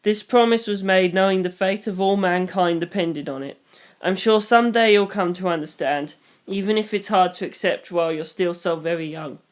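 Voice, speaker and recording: A reader voicing a loving, wise foster mother who speaks in a soft, steady, reassuring way, in a fan reading of a novel. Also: mid-range voice, moderate pace, lightly acted. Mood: comforting. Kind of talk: audiobook reading.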